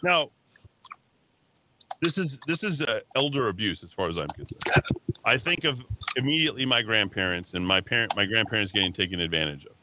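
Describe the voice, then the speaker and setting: A man's voice: fairly low pitch, lively intonation, fairly quick, background noise. A man hosting a talk radio show, delivering a heated, combative monologue in a radio studio. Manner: combative, heated, mocks callers with put-on voices.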